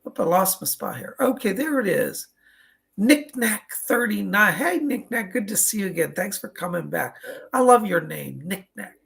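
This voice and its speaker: A man working as a psychic medium, giving live readings online and passing on messages. He often breaks off with "hold on" and sometimes coughs or clears his throat between readings. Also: high voice, big pitch swings, moderate pace.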